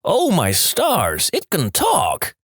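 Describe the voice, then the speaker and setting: A man voicing a flustered old male farmer who exclaims in a high, strained voice. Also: wildly swooping pitch, slow pace, a bit bright, husky, no room sound, studio quality, exaggerated voice. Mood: astonished.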